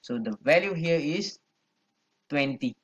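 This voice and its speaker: A man who teaches math walks through an exercise step by step, in a slightly high voice, slowly and patiently saying each number again as he goes. He sounds animated, and the audio is lo-fi, like a classroom lesson.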